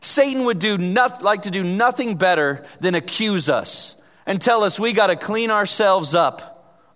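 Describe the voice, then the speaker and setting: A man's voice: high-pitched, lively intonation, measured pace. Earnest preacher man in a reverberant hall. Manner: earnest preaching, swinging from emphatic to hushed. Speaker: pastor. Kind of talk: sermon.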